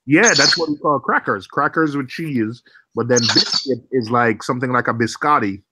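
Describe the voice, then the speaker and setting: A man's voice: mid-range voice, normal speed, background noise. A man from Jamaica chatting casually in a playful, teasing way. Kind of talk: casual group chat.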